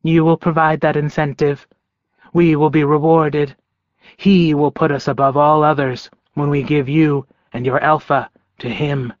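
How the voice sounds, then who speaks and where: A man voicing a cruel, taunting male werewolf leader with a sneering, drawn-out delivery in an audiobook. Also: fairly high pitch, flat delivery, no echo, muffled recording, close to an everyday voice. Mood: menacing.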